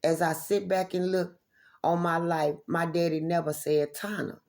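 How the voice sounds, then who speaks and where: A woman's voice: lowish voice, flat delivery, moderate pace, darkish tone. A woman talking straight to her viewers in an angry, confrontational monologue. She swears a lot and repeats herself. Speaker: vlogger addressing viewers. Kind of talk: angry direct-to-camera monologue.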